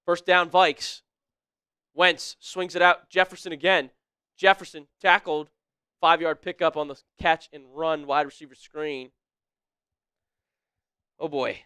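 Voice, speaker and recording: A young male fan commentator with a high, bright, smooth voice, recorded dry and close. He calls the action on a live stream, yelling at big plays and laughing between calls, and slips into a playful put-on British accent. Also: little pitch movement, unhurried, pauses often, no echo. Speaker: live stream co-host doing play-by-play.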